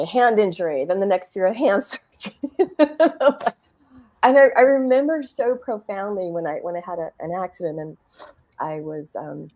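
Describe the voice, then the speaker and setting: A middle-aged woman on a podcast panel, candidly telling a personal story in a lively, conversational way, acting out her own inner dialogue. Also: fairly low pitch. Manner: animated and conversational, with frequent restarts, laughs and quoted inner dialogue.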